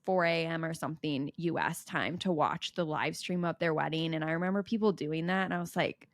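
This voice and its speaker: A young American woman co-hosting a podcast, explaining her views in a measured, conversational way. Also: deep voice, no room sound, studio quality. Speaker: podcast co-host. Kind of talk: casual chat.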